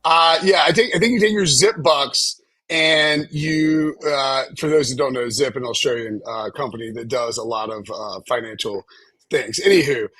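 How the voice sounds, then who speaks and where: A man's voice: mid-range voice, normal speed, bright, forceful tone, breathy edge, no echo. A man giving betting advice on a live stream, rambling with fillers and restarts. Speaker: sports betting analyst.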